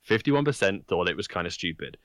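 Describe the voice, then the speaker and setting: A man co-hosting a podcast, joking in a mock-serious way and laughing often. His low voice swings widely in pitch, and it is recorded dry and close. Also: sing-song, a little fast, a bit bright, dry recording. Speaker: podcast co-host. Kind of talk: casual chat.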